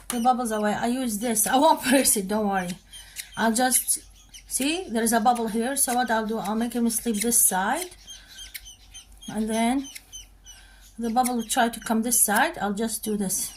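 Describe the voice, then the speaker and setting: A woman's voice: a little high, slight background noise. Woman cooing over her baby birds. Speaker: bird keeper showing hand-feeding. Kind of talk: casual demonstration vlog.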